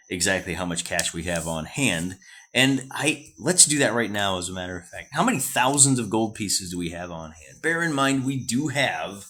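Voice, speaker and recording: Chatty American man with a lively voice. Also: low-pitched, a little hiss or hum. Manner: chatty, thinking aloud, self-correcting. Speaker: solo wargame host. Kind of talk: casual narrated solo wargame session.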